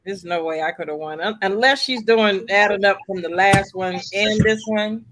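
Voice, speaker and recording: A man's voice: high voice, normal speed, a bit bright. A man chatting casually as a guest player on a live game show stream, easygoing and playful. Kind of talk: casual chat.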